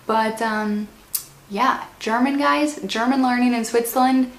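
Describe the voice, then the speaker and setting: A woman's voice: on the high side, steady tone, a little slow. A woman talking casually to her viewers in a vlog, chatty, with frequent laughs, calling them "you guys.". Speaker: vlogger. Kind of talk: casual vlog talk to camera. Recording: echoey room.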